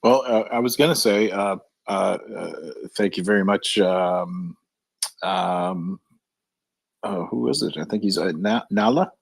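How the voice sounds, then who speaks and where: Hesitant low-voiced man in a call-in discussion. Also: gravelly, dry recording. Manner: halting, many fillers and restarts. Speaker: caller in a live audio discussion. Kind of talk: casual discussion.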